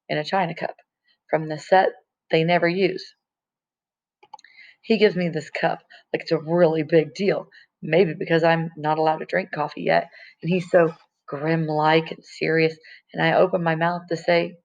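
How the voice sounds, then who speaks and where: A woman's voice: sits low, level tone, normal speed, a little mellow. A woman reading a novel chapter aloud in a casual, conversational way, in a dull lo-fi recording. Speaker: audiobook reader.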